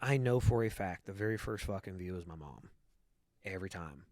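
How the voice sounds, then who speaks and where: A man's voice: low-pitched, expressive, fairly quick, a little mellow, no room sound. A man hosting a podcast in casual chat, blunt and full of swearing, often repeating words as he starts a thought. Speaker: podcast host.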